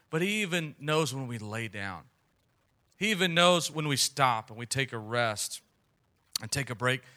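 Male pastor, 30s, earnest chatty sermon delivery, bright ringing tone. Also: medium pitch. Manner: earnest, conversational preaching with repeated phrases.

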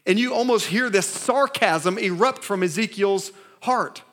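In a notably high, slightly bright male voice, a pastor delivers a sermon at a church service a little slowly. He's emphatic, repeating phrases and restarting lines, and keeps asking the congregation to answer and repeat after him.

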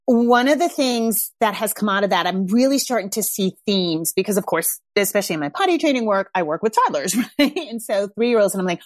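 Frank, foul-mouthed woman parenting coach, mid-pitched, dry close podcast mic. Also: expressive, brisk, hardly any pauses, no echo. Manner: frank and emphatic, swears freely; acts out parents' voices when quoting them. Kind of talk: casual podcast monologue.

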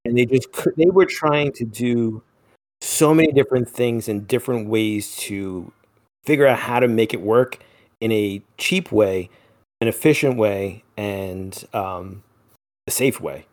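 A man's voice: fairly low pitch, measured pace. A man co-hosting a podcast, casually walking through a topic with lots of ums. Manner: relaxed, filler-heavy, laughs easily. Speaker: podcast co-host. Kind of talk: casual chat, presenting a topic.

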